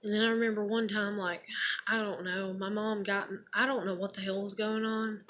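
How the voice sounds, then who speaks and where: With a mid-range, slightly bright voice at a normal pace and a level tone, this young vlogger rambles through a personal story. She's blunt, swears casually, and fills her speech with "like" and "you know."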